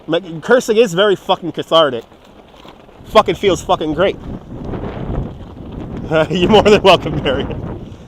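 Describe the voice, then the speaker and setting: A man's voice: high voice, a little slow, pauses often, noisy background. A man, livestreaming outdoors at an amusement park from a phone, chatting casually, cursing and laughing while reading viewer messages. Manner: rambling, profane, laughing, reads out viewer chat. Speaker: live streamer. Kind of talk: casual walking livestream chat. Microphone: phone on a handheld gimbal.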